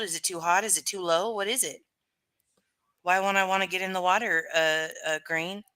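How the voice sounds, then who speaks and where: A woman's voice: mid-range voice, sharp tone. A woman chatting casually on a live stream, reading and answering viewer comments with plenty of fillers.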